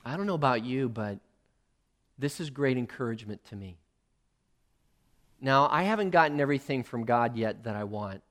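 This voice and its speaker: A male preacher giving a sermon, emphatic and swinging between loud and hushed. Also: medium pitch, animated, normal speed, pauses often.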